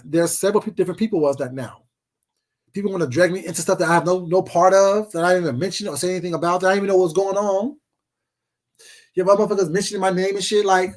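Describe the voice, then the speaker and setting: Speaking straight into the camera, a vlogger with a very high voice launches into a combative, profane rant. He addresses his audience casually, like they're seated right across from him.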